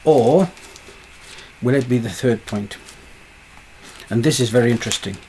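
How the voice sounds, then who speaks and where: A man's voice: mid-range voice, a little slow, a little mellow, a little hiss or hum. A man preaching a sermon, pressing his points with repeated rhetorical questions.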